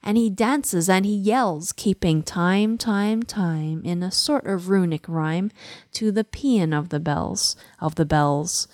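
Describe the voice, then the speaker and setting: A woman gives a slow, unhurried poetry lesson in a lowish voice. She reads with rhythmic, emphatic delivery, dwelling on repeated words, and then talks through the poem's language. The sound is dry and close. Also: darkish tone, dry recording. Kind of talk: dramatic poetry recitation and literary analysis.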